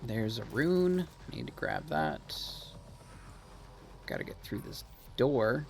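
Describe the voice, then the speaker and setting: A male streamer giving casual gameplay commentary in a gravelly voice. He talks slowly but with a lively, swinging pitch, laughing often and swearing casually.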